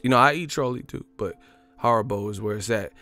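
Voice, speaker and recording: A man's voice: on the low side, a little fast, sharp tone, no room sound, soft background music. A man hosting a boxing livestream, cursing, joking and laughing often in casual banter.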